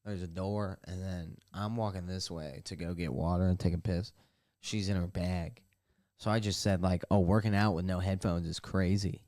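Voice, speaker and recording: A man's voice: deep voice, steady tone, moderate pace, a little mellow. A young man hosting a casual solo podcast from his bathtub, telling a rambling, profane, self-mocking story. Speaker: podcast host. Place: bathtub at home.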